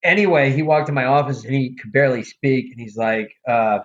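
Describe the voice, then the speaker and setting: A man's voice: mid-range voice, steady tone, brisk, highs cut off. A man hosting a casual podcast who tells rambling, profane stories. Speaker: podcast host. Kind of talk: casual chat.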